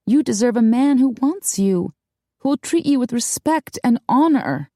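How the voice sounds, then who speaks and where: A woman's voice: a little high, lively intonation, moderate pace, mellow, no room sound, studio quality, pitched above the performer's own voice. A woman voicing a determined young heroine with an earnest, emphatic delivery. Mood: insistent.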